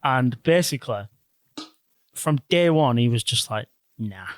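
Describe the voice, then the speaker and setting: A man's voice: mid-range voice, measured pace, smooth, no room sound, faint music behind. A young man, casually retelling a story on a podcast, swearing freely and acting out the quotes. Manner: animated storytelling, swears a lot, acts out quotes. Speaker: podcast host. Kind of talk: casual chat.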